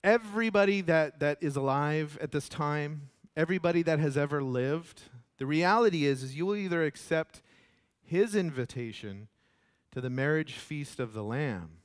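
A man preaching a sermon as pastor, animated and often repeating words. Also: a little high, normal speed, clean tone.

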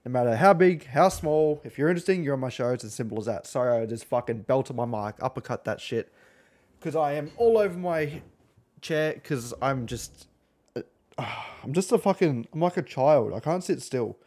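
A man's voice: medium pitch, animated, normal speed, darkish tone. A man with an Australian accent hosts a casual podcast. He rambles through asides and swears freely. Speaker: podcast host.

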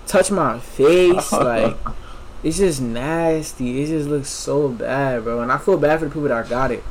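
A man's voice: mid-range voice, unhurried, a little hiss or hum, rough recording. A young man co-hosting a casual podcast chat with friends, emphatic and repetitive. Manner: emphatic, repeats himself, lots of "bro". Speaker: podcast co-host.

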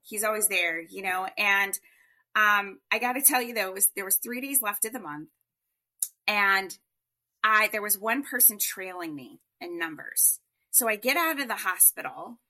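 A woman guest on an interview show, telling a personal story in an emphatic, animated way. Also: medium pitch, moderate pace. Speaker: guest entrepreneur.

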